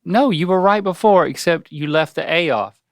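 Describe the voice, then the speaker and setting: A man's voice: on the high side, lively intonation, moderate pace, gravelly, no echo, clean studio sound. A middle-aged man co-hosting a podcast, teasing and playfully quizzing his father. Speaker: podcast co-host. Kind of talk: casual chat. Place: indoor studio.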